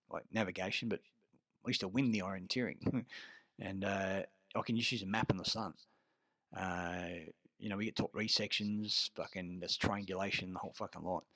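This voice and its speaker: Deep-voiced Australian man rambling, swearing. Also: fairly bright tone, no echo. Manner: rambling and profane, full of filler words. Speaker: vlogger. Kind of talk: casual monologue.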